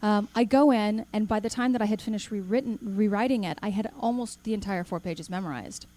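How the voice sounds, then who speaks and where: A woman giving a talk to an audience, telling a personal story with lively acted-out dialogue and questions to the crowd. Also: medium pitch, fairly quick. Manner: animated storyteller, acts out quoted dialogue, asks the audience questions. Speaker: speaker.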